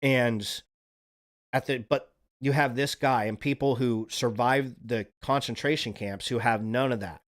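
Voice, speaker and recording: A man's voice: mid-range voice, steady tone, unhurried. A man hosting a livestream, talking in a casual, earnest, rambling monologue and swearing now and then. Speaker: livestream host.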